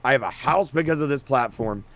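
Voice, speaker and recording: A man's voice: mid-range voice, lively intonation, a little fast, fairly bright tone. A young man, a game creator, giving a frustrated, emotional rant that is full of restarts and stammers. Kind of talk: on-camera rant.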